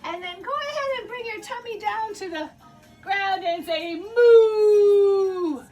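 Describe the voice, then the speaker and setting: Very high, bouncy woman leading kids' dance. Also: animated, moderate pace, fairly bright tone, highs cut off, soft background music. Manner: playful, encouraging, laughs often, makes animal sounds. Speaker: children's dance teacher. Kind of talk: guided movement storytime for kids. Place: home basement.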